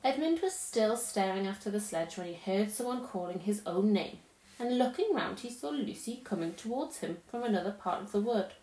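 A woman reading a children's novel aloud as narrator, in a steady, clear storytelling way. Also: medium pitch, normal speed. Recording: roomy echo.

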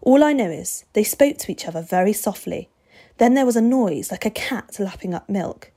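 A woman narrating a story aloud with expressive, steady delivery. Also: mid-range voice, moderate pace.

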